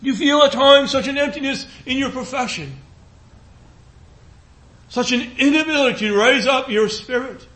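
A man preaching a sermon in an earnest, pleading cadence, repeating phrases and slowing into a hushed voice on scripture. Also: very high-pitched.

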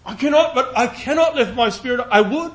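Very high-pitched, a man preaches a sermon with earnest pleading in his cadence. He says certain phrases repeatedly, and scripture brings a slow, hushed delivery.

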